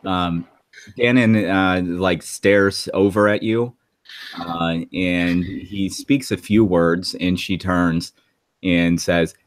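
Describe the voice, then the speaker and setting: A man narrating a tabletop game as game master, halting and filled with ums and likes. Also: low-pitched, steady tone, no room sound.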